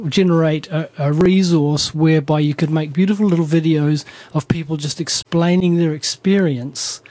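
A man's voice: on the high side, fairly even intonation, normal speed, dark tone, no room sound. A man, an animator chatting in an interview, often correcting himself and laughing easily. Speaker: animator guest. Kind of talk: conversational interview.

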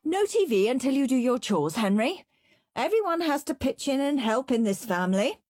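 A woman's voice: high-pitched, big pitch swings, moderate pace, a little mellow, dry recording, voice pushed up. A woman voicing a stern, tired mother handing out chores in a storybook reading. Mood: firm. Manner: firm, scolding.

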